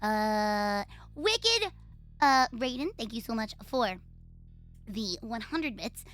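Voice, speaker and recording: A woman's voice: fairly high pitch, takes it slowly, fairly bright tone, soft background music. A woman with a Puerto Rican accent chatting casually on a live stream, playful, profane and teasing herself and her viewers.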